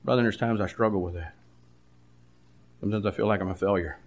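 An older man preaching a sermon, dropping to a hush and then rising loud, often stammering into repeats. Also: fairly low pitch, reverberant. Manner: swings between hushed and loud, halting repeats.

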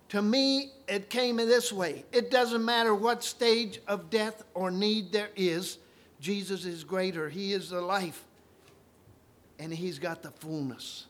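A man delivering a sermon in a high voice. He speaks at an unhurried pace, moving from quiet storytelling to loud, ringing cries. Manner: storytelling, swings from soft to loud ringing proclamations. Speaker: preacher.

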